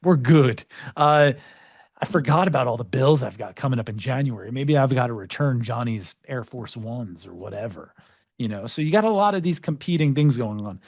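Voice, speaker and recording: A man hosting a podcast and presenting with an energetic, joking delivery, full of playful, self-mocking asides. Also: medium pitch, moderate pace, no echo, studio quality. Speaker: podcast host.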